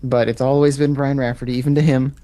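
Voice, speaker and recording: A man's voice: medium pitch, little pitch movement, quick pace, mellow. A young man on a video call in a casual podcast chat, telling stories with hesitant fillers. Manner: storytelling, thoughtful, hesitant fillers. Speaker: co-host joining by video call.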